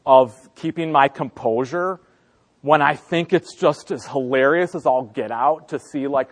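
A man in his thirties preaching a sermon, telling a family story and acting out his family's lines with frequent laughter. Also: mid-range voice. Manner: laughing often through the story. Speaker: pastor.

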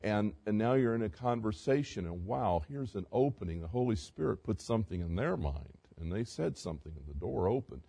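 The pastor, a man with a lowish, breathy-edged voice and vocal fry, preaches very animatedly at a brisk clip with few pauses. He moves from loud, emphatic passages to quiet, conversational asides and asks the congregation direct questions.

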